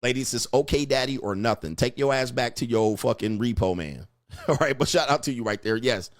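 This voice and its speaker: Blunt male advice host, crude and mocking, mid-pitched voice, dry close sound. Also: fairly quick, no echo. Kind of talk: profane commentary rant reacting to comments.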